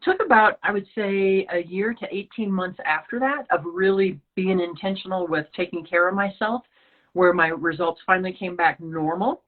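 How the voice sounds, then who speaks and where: A woman's voice: fairly low pitch, moderate pace. A woman guest telling a personal story in conversation, acting out the dialogue as she goes. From Rocky Mountain region of the US. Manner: animated storyteller, acts out quoted dialogue. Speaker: podcast guest. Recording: lo-fi phone-like line.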